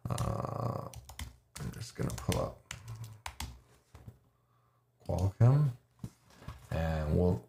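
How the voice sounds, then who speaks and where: A man with a very deep, gravelly voice talks casually through option trades on a livestream. He thinks aloud, trailing into fillers and restarting his sentences. The sound carries a noticeable room echo. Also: dark tone, a little hiss or hum. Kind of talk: casual live market commentary.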